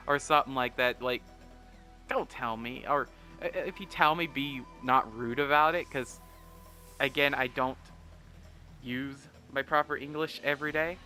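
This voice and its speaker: A man's voice: a little high, normal speed, bright, forceful tone, faint music behind. A man hosting a video game let's play, rambling in a self-deprecating way and swearing freely. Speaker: gaming video host.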